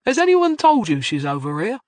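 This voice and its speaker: A cheery middle-aged man with a lingering trace of a Cockney accent, as an audiobook narrator puts him on, pitched a little higher than the narration. He talks breezily, in a dry, close sound. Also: huge pitch swings, brisk, no echo. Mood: jovial. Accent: faint Cockney. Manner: cheery and breezy, calls people love. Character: jovial ex-pat businessman, middle-aged.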